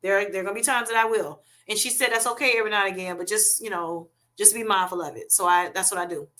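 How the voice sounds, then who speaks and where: Bright-voiced woman chatting on a livestream. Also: medium pitch, steady tone, fast talker. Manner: chatty, many fillers, reads out viewer comments. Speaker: livestream host reading chat. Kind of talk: casual livestream chat.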